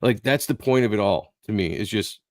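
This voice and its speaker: A man's voice: on the low side, a little fast, no room sound, clean studio sound. A man hosting a live stream, chatting in a laid-back way and tripping over his words now and then. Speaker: host. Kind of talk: casual chat.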